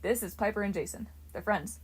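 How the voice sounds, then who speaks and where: A woman voicing a wisecracking teenage boy with dry, deadpan quips. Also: mid-range voice, brisk, breathy edge. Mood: wry. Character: teenage demigod boy, sarcastic and joking.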